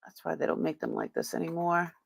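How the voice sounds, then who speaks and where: A woman's voice: lowish voice, completely flat delivery, fast, gravelly, dry recording. A woman hosting a live-stream sale, chatting as she unboxes and tests items, exclaiming often and laughing as she goes.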